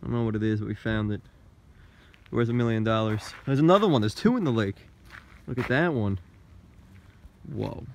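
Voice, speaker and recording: A man's voice: lowish voice, normal speed, pauses often, a little mellow, slight background noise. A young man vlogging outdoors by a lake on a handheld phone, narrating playfully to the camera. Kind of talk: casual travel vlog.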